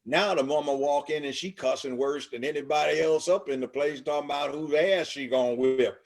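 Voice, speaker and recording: A man's voice: fairly high pitch, brisk, creaky. An older man from Los Angeles, talking as an interview guest in an emphatic, preachy way with long lists. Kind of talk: casual interview talk.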